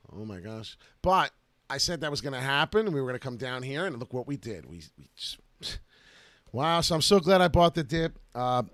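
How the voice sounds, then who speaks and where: Male crypto streamer, excitable, filler-heavy, dry close-mic sound, middle pitch. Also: no echo. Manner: excited, rambling, many filler "uh"s. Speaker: crypto video host. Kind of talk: casual live-stream market commentary.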